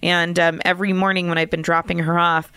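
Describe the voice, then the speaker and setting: A woman's voice: lowish voice, little pitch movement, brisk, sharp tone, clear, resonant tone, no echo. A woman co-hosting a health talk show, chatting casually and laughing easily as she talks. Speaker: co-host.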